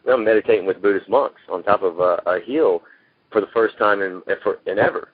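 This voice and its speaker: A man's voice: on the low side, a little fast, slightly rough, no room sound. A man, talking about his life as an actor guest in a rambling, folksy way, full of "you know". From Texas. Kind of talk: casual interview talk. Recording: tinny phone line.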